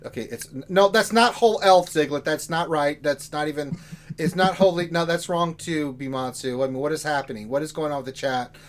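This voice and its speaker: A man's voice: fairly high pitch, fairly quick. Rowdy joking male stream host. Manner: rowdy, joking, talks straight to chat. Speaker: livestream co-host. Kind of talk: casual livestream chat.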